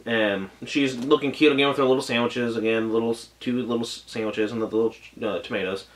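A man with a medium-pitched voice talks through an anime episode in a loose, unscripted review. He gushes with feeling, restarts his sentences often and lets his thoughts trail off. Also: fairly even intonation, fairly quick. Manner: gushing and emotional, rambling with many restarts. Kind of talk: casual spoken episode review.

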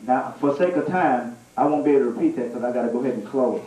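A man preaching a storytelling sermon, animated and laughing through a comic story. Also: medium pitch, fast talker. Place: church sanctuary. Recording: echoey church room, mic at a distance.

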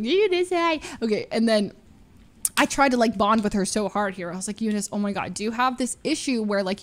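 A young adult woman streamer telling stories in casual chat, animated and full of fillers, acting out the voices she quotes. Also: a little high.

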